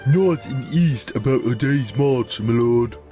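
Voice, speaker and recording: A man voicing a surly, dim male bandit captive with a coarse, ogre-like voice and rough grammar. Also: medium pitch, slow pace, warm tone, soft background music, lightly acted.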